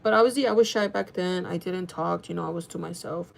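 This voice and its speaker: A woman telling a casual storytime vlog, chatty and animated, swearing freely and talking in quick bursts. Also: on the low side, vocal fry. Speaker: vlogger.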